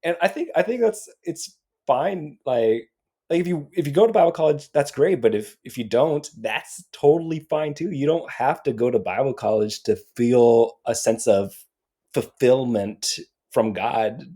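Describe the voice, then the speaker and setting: A man's voice: mid-range voice, unhurried, mellow, husky. A man speaking as a podcast guest, reflective and thoughtful, often repeating words as he works out his point. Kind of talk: casual podcast chat.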